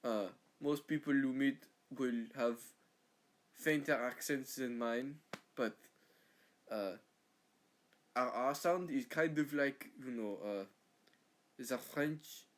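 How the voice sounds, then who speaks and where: A man putting on a German accent as a rambling, self-mocking German man who stumbles over his words and keeps a deadpan tone. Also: medium pitch, slow pace, long pauses, natural voice. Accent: German, put on.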